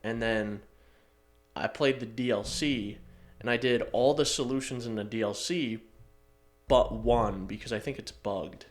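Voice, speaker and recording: A man's voice: mid-range voice, unhurried. Easygoing man, casual podcast chat. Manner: easygoing, self-deprecating, laughs often. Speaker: podcast co-host.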